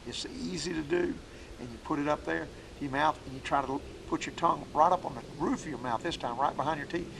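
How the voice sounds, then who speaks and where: There's background noise as a man with a high-side voice and vocal fry rattles along fast, barely pausing. He's a duck call instructor in the woods, demonstrating calls in a folksy, plainspoken outdoor hunting lesson.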